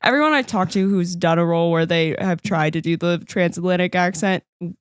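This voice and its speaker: A woman's voice: fairly low pitch, brisk, clean tone, dry recording, studio quality. A woman co-hosting a podcast, chatting expressively about film with some ums along the way. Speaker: podcast co-host. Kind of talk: casual film discussion.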